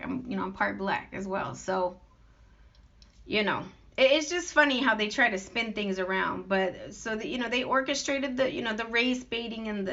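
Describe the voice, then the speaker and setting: A woman's voice: medium pitch, sharp tone. A woman vlogger speaking off the cuff, aggrieved and emphatic, piling up long lists of complaints. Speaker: vlogger addressing critics. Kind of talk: unscripted monologue. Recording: dull lo-fi recording.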